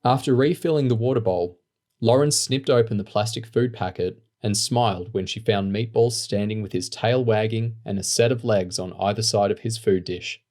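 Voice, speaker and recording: Male narrator, lowish voice, steady audiobook reading. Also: moderate pace. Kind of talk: scripted narration.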